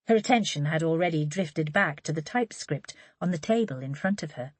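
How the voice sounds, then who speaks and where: A woman narrates an audiobook in an even, measured way. Her pitch moves in a lively way. The sound is dry and close, with no room echo. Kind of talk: scripted narration.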